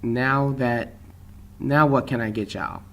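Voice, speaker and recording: A man's voice: mid-range voice, steady tone, takes it slowly. Sweet-talking older diner waitress with a lilt, done by a man reading. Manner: sweet-talking, gum-smacking drawl. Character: sassy older waitress with a twang.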